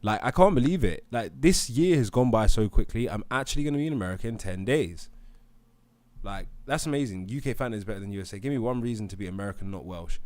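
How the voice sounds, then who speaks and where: Young UK streamer, lower-pitched voice, loose and chatty, hypes his live debate. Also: expressive, fast, darkish tone, no room sound. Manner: chatty, reads viewer comments aloud, hypes the stream. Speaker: livestream debate host. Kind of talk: casual live-stream chat.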